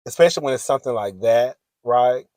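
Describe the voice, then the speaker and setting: A man's voice: mid-range voice, animated, quick pace, darkish tone, no echo. A man vlogging in a sassy, giggly gossip chat, calling the audience "girl" often. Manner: chatty, sassy, giggly, says "girl" a lot.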